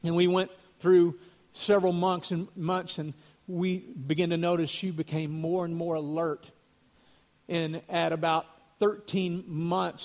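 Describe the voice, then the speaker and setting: Man, slightly high voice, earnest testimony storytelling, acts out quotes. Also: darkish tone.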